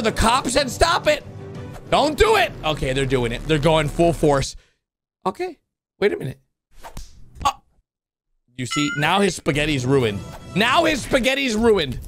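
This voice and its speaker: A man hosting a video channel, giving excited play-by-play commentary on cartoons and breaking into sudden high-pitched shouts. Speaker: YouTube host reacting to cartoons. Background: background music.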